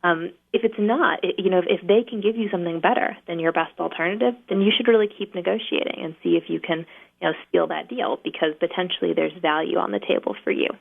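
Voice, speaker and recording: Low gravelly woman on a phone line. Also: quick pace. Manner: practical, steady, filler-heavy explaining. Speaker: negotiation trainer, guest. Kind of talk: explanatory interview talk. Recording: phone-line guest audio.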